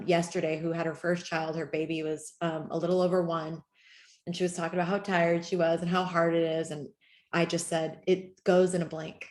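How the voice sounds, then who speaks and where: A middle-aged woman leading a motivational training talk for her network marketing team, earnest, emotional and encouraging. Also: on the low side. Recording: roomy echo.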